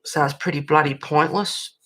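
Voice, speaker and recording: A low-voiced Australian woman hosts a colouring livestream in a casual chat. She rants bluntly and swears freely, breaking off to answer chat messages. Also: fairly even intonation, normal speed, a bit bright. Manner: reacts to chat messages with laughs.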